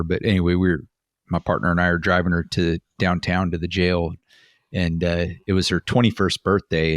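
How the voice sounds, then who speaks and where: A man's voice: sits low, no room sound, clean studio sound. A man co-hosting a podcast, a former police officer telling stories in a chatty way with many fillers and restarts. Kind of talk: casual podcast chat.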